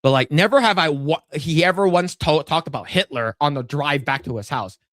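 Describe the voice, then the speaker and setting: A man telling a workplace story on a podcast, his voice sitting a little high for a man. He stammers, restarts and slips into quoted voices. The sound is dry and close. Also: fairly quick, fairly bright tone, no echo. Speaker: podcast co-host. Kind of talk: casual storytelling chat.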